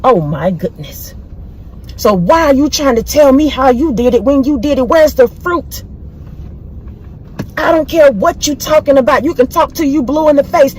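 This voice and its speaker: Woman, high-pitched, preachy motivational monologue, emphatic repetition. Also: slight background noise, poor audio. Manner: bold, emphatic, repeats phrases. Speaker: inspirational speaker.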